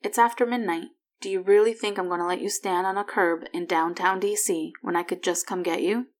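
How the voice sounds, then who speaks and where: An earnest, protective expectant father, quietly reassuring, voiced by a woman reading the story. She barely shifts from her own slightly low voice. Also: fairly even intonation, fairly quick, natural voice. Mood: urgent.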